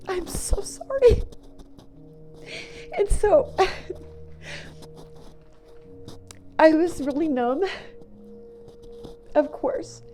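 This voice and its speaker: Halting middle-aged woman telling her story. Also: on the high side, mellow. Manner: halting, full of "you know" and restarts, laughs between phrases. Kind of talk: personal storytelling monologue.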